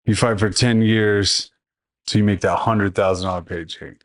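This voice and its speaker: Low-voiced blunt man, dry sound. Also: steady tone, moderate pace, no room sound. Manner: blunt, slangy. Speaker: podcast co-host, former fighter. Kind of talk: casual chat.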